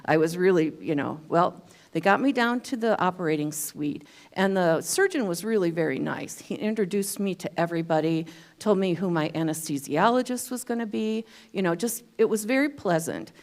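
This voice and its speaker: A woman's voice: fairly low pitch, expressive, normal speed. A woman giving a talk at a spiritual center, telling a personal story in a chatty way with self-deprecating humor. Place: church hall.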